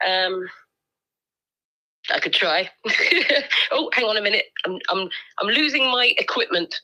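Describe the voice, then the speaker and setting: A woman's voice: medium pitch, expressive, a little slow, sharp tone, low-quality recording. A woman co-hosting a casual livestream, reading out viewer comments in a playful, giggly way with lots of ums.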